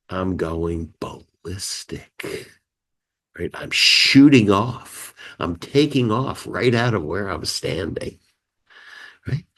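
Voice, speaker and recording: A man hosting a community meeting, teaching about feelings in a conversational way and acting out emotion words. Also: low voice. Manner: animated, acts out emotion words with gasps and sighs; conversational, many "you know" and "right". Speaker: meeting host and life skills teacher.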